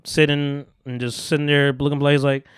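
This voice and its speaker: A man's voice: on the high side, flat delivery, a little fast, clean tone, no echo, studio quality. A man hosting a podcast, retelling a movie scene by scene in casual, profane chat and acting out the characters' lines. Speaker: podcast host.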